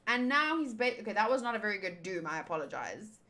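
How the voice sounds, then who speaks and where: A woman's voice: medium pitch, animated, a little fast, sharp tone. A young woman reading a manga aloud and joking playfully in between. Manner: playful, giggly asides and jokes. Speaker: channel host. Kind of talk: manga readthrough with commentary.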